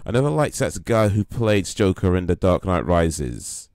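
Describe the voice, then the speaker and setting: Deep creaky-voiced man streaming a game. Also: very animated, normal speed, darkish tone, no room sound, clean studio sound. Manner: rambling, lots of fillers, joking. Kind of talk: casual live-stream chat.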